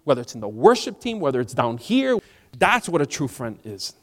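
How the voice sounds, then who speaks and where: A man pastor preaching a sermon in a church, animated and acting out the people in his story. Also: medium pitch, a little fast. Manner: animated, acts out quoted voices. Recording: long church hall reverb.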